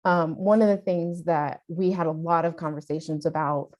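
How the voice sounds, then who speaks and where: A middle-aged woman co-hosts a podcast and tells a family story in a relaxed, conversational way. She turns animated as she goes, laughing and acting out the people she quotes. Her voice sits low for a woman. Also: moderate pace. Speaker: podcast co-host, mother.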